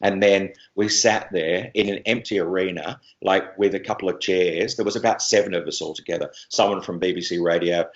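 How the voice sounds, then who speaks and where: A man, a radio presenter telling rambling, animated stories in an interview. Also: low voice, brisk, few pauses, dull audio. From Australia. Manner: rambling, animated storyteller with many restarts. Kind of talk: anecdotal interview chat.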